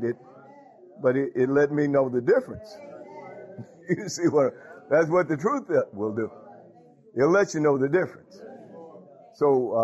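Male preacher, animated sermon delivery, frequent laughs, dull lo-fi recording. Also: mid-range voice, breathy edge. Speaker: pastor. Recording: dull lo-fi sound.

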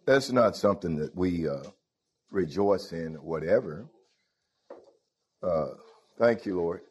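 A man's voice: deep voice, expressive, slow, darkish tone, husky, dull audio. A man preaching a sermon in a conversational way, often putting questions to his congregation.

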